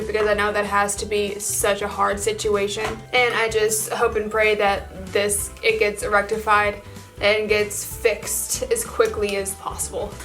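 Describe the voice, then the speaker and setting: A woman's voice: mid-range voice, fairly bright tone. A young woman chatting casually in a get-ready-with-me makeup video, gushing and full of filler words. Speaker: beauty vlogger.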